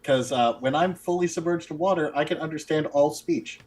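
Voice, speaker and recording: A man's voice: fairly high pitch, a little fast, a little mellow. A man playing in a tabletop game, talking hesitantly with ums and restarts. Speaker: player. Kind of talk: casual tabletop game chat.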